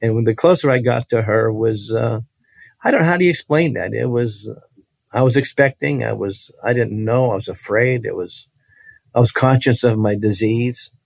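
A man's voice: mid-range voice, vocal fry, no echo. Earnest man telling a personal testimony. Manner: earnest, halting, restarts with laughs. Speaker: guest.

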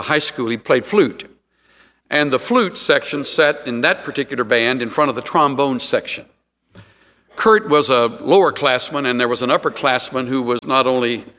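A middle-aged man preaching a sermon, telling stories with sudden jumps in pitch. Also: pushed and bright, long reverb tail. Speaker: pastor.

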